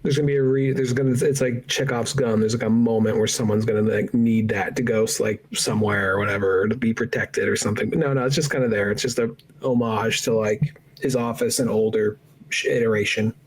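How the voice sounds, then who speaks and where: A man's voice: on the low side, fairly even intonation, slightly rough, rough recording. A man co-hosting a podcast, talking casually and rambling through a comic book story. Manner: rambling, acts out panels in quick voices. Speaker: podcast co-host.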